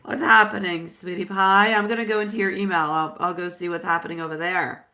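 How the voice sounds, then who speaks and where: A woman's voice: on the low side, steady tone, brisk, pushed and bright. A woman doing a live-stream tarot reading, chatty and affectionate, dropping Italian phrases as she answers viewers. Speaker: tarot reader.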